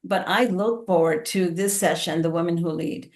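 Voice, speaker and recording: A woman's voice: lowish voice, fairly even intonation, moderate pace, darkish tone. A woman panelist speaking in a friendly, reflective manner. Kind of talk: panel discussion. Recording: echoey room.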